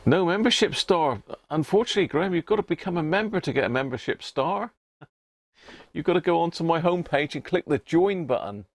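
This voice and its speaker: Chatting casually on a livestream, a man with a fairly high, expressive voice talks fairly quickly, with no room sound. He calls out viewers by name and fumbles unfamiliar words.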